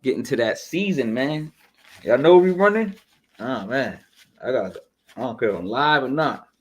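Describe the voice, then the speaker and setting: A man hosting a podcast, chatting loosely through an album review with shout-outs and asides, his nose running. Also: mid-range voice, animated, moderate pace, breathy edge. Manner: loose and chatty, full of shout-outs and asides, often saying "you know what I'm saying". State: runny nose. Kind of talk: casual music review chat.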